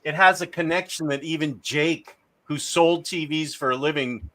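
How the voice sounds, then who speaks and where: Casual male streamer, chatty and meandering, bright and a touch high. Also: normal speed. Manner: rambling, reads chat aloud with filler. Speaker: livestream host. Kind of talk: casual livestream chat.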